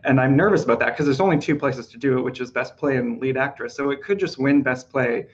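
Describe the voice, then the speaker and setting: A man hosts a podcast, his voice worn and going hoarse. He talks chattily with many ums and restarts, and the audio sounds a little dull. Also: medium pitch, quick pace. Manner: chatty, hesitant with fillers. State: losing his voice. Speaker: podcast host. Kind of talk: casual awards-prediction chat.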